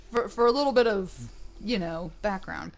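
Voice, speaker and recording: A woman's voice: mid-range voice, animated, measured pace, vocal fry, music in the background. A woman co-hosting a game stream, talking in a chatty, rambling way with many restarts. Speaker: co-host of a gaming stream. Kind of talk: casual gameplay chat.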